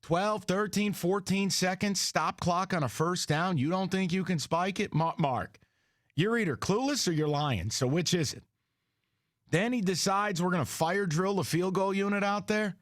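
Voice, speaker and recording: A man's voice: sits high, moderate pace, no echo, clean studio sound. A man hosting sports talk radio, ranting bluntly and heatedly with some profanity.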